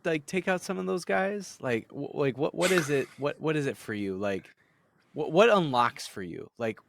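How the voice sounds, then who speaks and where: A man's voice: a little high, expressive, moderate pace, vocal fry, noisy background. A man co-hosting a podcast, ranting in a fired-up, swearing casual way. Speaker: podcast co-host.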